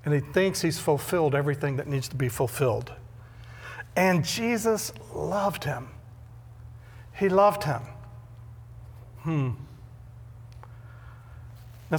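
Middle-aged male pastor, conversational sermon delivery, slightly high voice, reverberant hall. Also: lively intonation, unhurried, long pauses, slightly rough. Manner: conversational, repeats words when emphatic.

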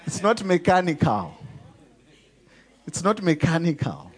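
A pastor preaching a sermon with emphatic stresses, slowing down and rising on key words. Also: male voice, fairly high pitch, big pitch swings, husky.

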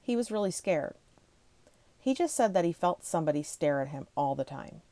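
A woman reads ghost stories to her viewers in a relaxed, chatty way. She rushes ahead, trips over words and stops to laugh at herself. Her voice sits low and mellow, recorded dry and close. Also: no echo. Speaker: ghost-story video host. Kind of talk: casual reading of ghost stories with asides.

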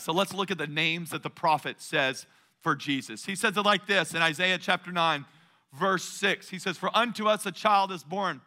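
Bright high-voiced preaching pastor. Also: male voice. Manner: animated, joking, calls for audience responses. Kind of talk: sermon.

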